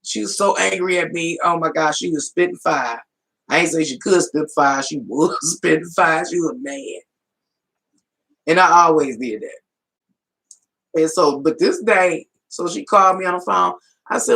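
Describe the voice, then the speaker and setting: A chatty tarot reader spins a loose, colloquial story for live viewers, often laughing and calling them y'all. The voice has a gravelly, creaky texture that sits at a middling pitch. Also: moderate pace, fairly bright tone, poor audio. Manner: folksy, colloquial storytelling with quoted dialogue. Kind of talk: casual storytelling on a live stream.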